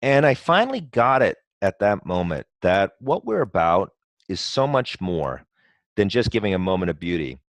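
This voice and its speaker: Low-voiced man talking with passion. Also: sing-song, normal speed, dry recording. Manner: passionate, talks in long runs full of "you know" and restarts. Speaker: guest, company co-founder. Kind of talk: conversational podcast interview.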